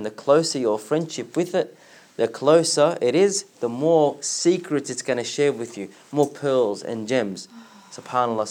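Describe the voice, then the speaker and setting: A man teaching a religious class, explaining word by word and asking his students questions, with quick recited verses. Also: mid-range voice. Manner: recites verses in rapid chant.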